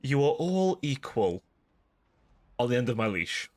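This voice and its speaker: A man putting on the voice of a domineering male vampire lord with mock-menacing, drawn-out taunts during a game stream. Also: mid-range voice, big pitch swings, a little mellow. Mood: gloating.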